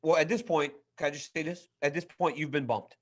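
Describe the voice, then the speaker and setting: Male co-host, higher voice, excitable and repetitive in casual sports banter. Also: a little fast. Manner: enthusiastic, repeats himself for emphasis. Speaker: podcast co-host.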